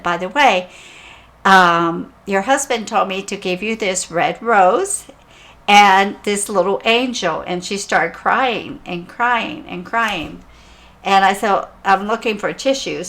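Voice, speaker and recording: A woman's voice: mid-range voice, a bit bright. A woman psychic medium telling a personal story in a chatty, casual way, repeating phrases and laughing as she talks.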